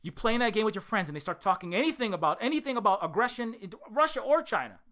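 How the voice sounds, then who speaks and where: With lively intonation and a quick pace, this indie developer vents on a livestream, swearing heavily. His volume jumps between shouting and muttering, and strain shows in his vocal cords.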